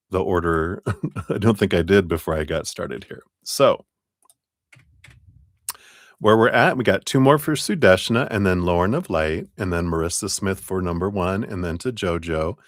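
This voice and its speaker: A deep-voiced man runs a live tarot stream, chatting with viewers and laughing easily as he works through their cards. His low voice sounds dry and close to the mic, with no room around it. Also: no room sound. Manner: relaxed, chatty, laughs often, talks to viewers by name. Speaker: tarot reader.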